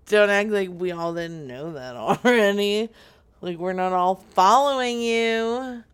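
A woman's voice: mid-range voice, slow pace, a bit bright, clear, resonant tone. A woman co-hosting a casual chat, giggling often, swearing freely and trailing off into mumbles. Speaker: podcast co-host.

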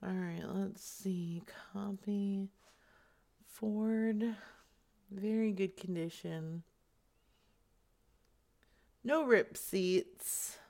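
A woman's voice: medium pitch, drawn-out words, vocal fry, long pauses, dark tone. A woman hosting a radio show, chatting casually and crudely between prank phone calls. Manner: crude, joking, laughs often.

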